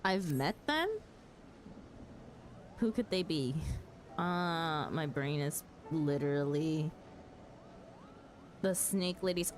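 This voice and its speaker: A woman's voice: lowish voice, lively intonation, slow pace, long pauses, a little hiss or hum. A woman streaming a game, laughing often and chatting casually with her viewers, with some mild swearing. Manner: giggly, casual, swears mildly, talks to chat. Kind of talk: live game stream commentary.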